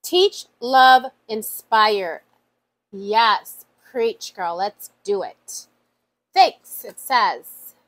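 A woman's voice: medium pitch, expressive, very slow, fairly bright tone. A woman vlogger chatting casually while opening mail, emotional and full of fillers. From USA. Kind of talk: casual chat.

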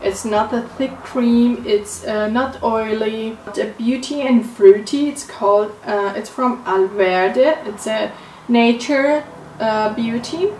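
A woman vlogger talking through a beauty haul in casual, halting English that is not her first language, with frequent fillers. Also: on the high side, a little mellow, slight background noise. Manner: unhurried, halting non-native phrasing with many fillers. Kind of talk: casual product haul talk. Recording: roomy echo, mic at a distance, faint music.

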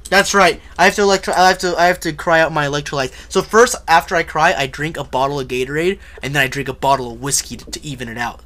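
A young man calls out a horror game live to his viewers, half joking and half spooked, and he yelps whenever something jumps at him. His voice sits a little high for a man. Steady background noise runs under the stream. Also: fast. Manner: jokey, jumpy, shouts when startled. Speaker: livestreaming gamer. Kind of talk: casual live gameplay commentary.

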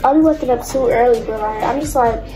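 A woman's voice: on the high side, fast, poor audio. A teenage girl, chatting casually to viewers at home on a phone camera. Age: teens. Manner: chatty, addresses viewers as y'all. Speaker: vlogger. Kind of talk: casual vlog chat. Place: home, indoors. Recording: loud music under the voice. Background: loud background music.

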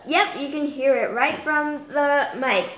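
Slow-talking young woman demoing a toy. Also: high voice, fairly even intonation, roomy sound, background noise. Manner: chatty, many "like" fillers. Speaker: toy demonstrator. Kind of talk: casual product demo.

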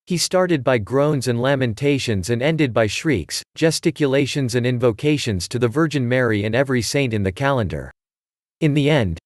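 A man narrating a story in a measured, scripted audiobook reading. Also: medium pitch, no room sound, studio quality.

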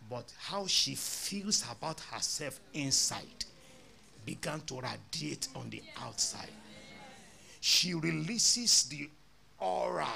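Man, pastor, sermon storytelling, gravelly, slow, lively pitch. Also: slight background noise. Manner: animated storyteller acting out dialogue, laughing.

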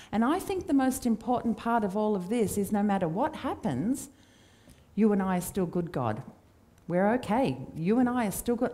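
A woman preaching a sermon in a church, conversational and storytelling in her delivery. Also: mid-range voice. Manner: conversational, warm storytelling with acted quotes.

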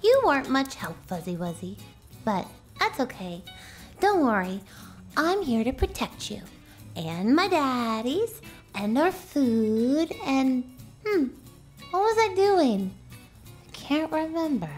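High squeaky little doggie girl, woman doing the voice, slow and sing-songy, chatting to herself over music. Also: very animated, full character voice. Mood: musing. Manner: musing, talks to herself, easily startled. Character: chatty little girl dog, bossy and forgetful. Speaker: lead in a comedy web series. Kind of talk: comedic voice-over.

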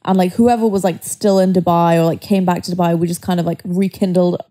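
Blunt young woman with a mellow voice. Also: on the low side, fairly even intonation, fairly quick. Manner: blunt, frequent "like", swears, laughs easily. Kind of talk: casual chat.

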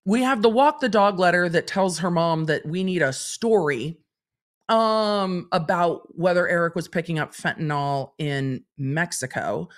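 A woman's voice: fairly low pitch, unhurried. A woman hosting a livestream, reading court documents aloud and commenting on them in a chatty, wry way. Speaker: legal commentator host.

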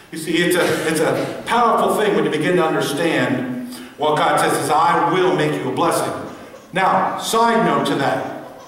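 Guy preaching in a big church, higher voice, lots of echo, mic sounds far off. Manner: animated, emphatic, drawn-out declarations. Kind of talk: sermon. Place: church sanctuary. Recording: echoey hall from far off.

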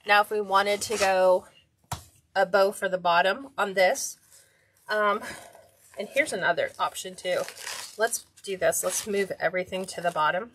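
A woman's voice: mid-range voice, steady tone, unhurried, fairly bright tone, slight background noise. A woman hosting a hands-on craft tutorial, chatting casually and talking to herself as she works. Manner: chatty, talks to herself while working.

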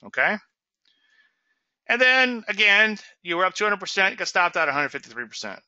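A man hosts a trading webinar in a bright, animated voice. He drives points home in a folksy, emphatic way. The sound is dry and a little dull, like lo-fi audio. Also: high-pitched, brisk, dry recording. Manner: emphatic, folksy, repeats "okay?" and "so what?". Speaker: trading show host. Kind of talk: webinar teaching on charts.

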